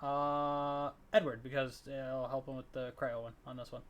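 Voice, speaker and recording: A man playing in a tabletop game, explaining his character hesitantly with many pauses. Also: medium pitch, level tone. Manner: hesitant, full of ums. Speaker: player. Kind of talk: tabletop role-play chat.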